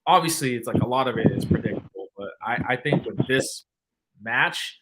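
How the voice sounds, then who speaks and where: A man's voice: medium pitch, animated, moderate pace, heavy background noise. A man hosting a livestream, chatting casually with lots of fillers and restarts. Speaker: livestream host. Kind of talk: casual chat.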